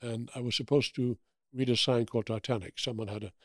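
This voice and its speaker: A man in his eighties from Germany with a German accent, telling animated stories in an interview and acting out the quotes. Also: mid-range voice, quick pace, no room sound, studio quality. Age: 80s. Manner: animated anecdotes with acted-out quotes. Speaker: guest. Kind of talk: storytelling interview.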